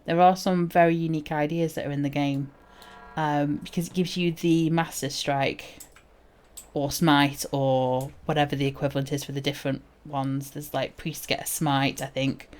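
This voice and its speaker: A woman streaming a game, chatting in a relaxed, low-key way with lots of fillers. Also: moderate pace. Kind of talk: casual gaming chatter.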